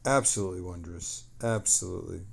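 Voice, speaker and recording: A man streaming live, reading lore passages aloud with excitable, chatty asides. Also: deep voice, brisk, vocal fry. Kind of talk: casual lore reading on a livestream.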